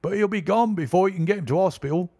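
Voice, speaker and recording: A man reading an urgent shouting bystander. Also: high-pitched, quick pace, slightly rough, voice pushed up. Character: man shouting from a street crowd. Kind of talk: audiobook reading.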